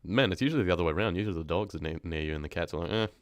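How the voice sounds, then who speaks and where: A deep-voiced man chats casually with his live-stream viewers. He rambles in a relaxed way and laughs easily. His voice sounds dry and close, with no room echo. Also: rapid-fire. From New Zealand. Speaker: horror story narrator and streamer.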